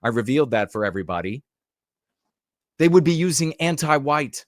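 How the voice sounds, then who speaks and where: A man at an average pitch talks over news clips in an emphatic, heated way, often pushing his points rhetorically. The recording is dry and close, with no room sound. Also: expressive, fairly quick, no room sound. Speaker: commentator. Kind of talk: podcast commentary over clips.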